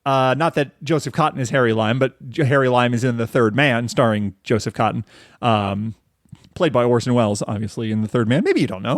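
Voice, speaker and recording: A man's voice: medium pitch, a little fast, no room sound, studio quality. Rambling, profane male podcast host. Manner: rambling and profane, lots of fillers and restarts. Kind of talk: casual film discussion podcast.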